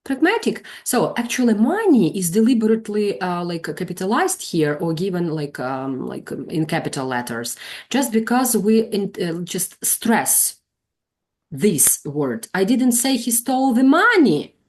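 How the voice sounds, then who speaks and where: A woman's voice: fairly low pitch, animated, a little slow. A woman leading an online English teaching lesson, calling on trainees and explaining their mistakes. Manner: calls on students, corrects gently.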